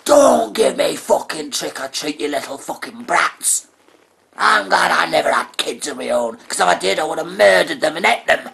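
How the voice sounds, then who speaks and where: A man voicing a furious, bullying older male neighbour who yells threats and swears. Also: fairly high pitch, lively intonation, moderate pace, gravelly, breathy edge, pitched above the performer's own voice, exaggerated voice. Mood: enraged.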